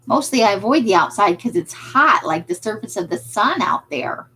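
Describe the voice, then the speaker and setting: A woman's voice: medium pitch, lively intonation, normal speed, sharp tone, slightly rough, rough recording. A woman who runs a craft shop, hosting a casual livestream and chatting with viewers. She is self-deprecating and laughs often.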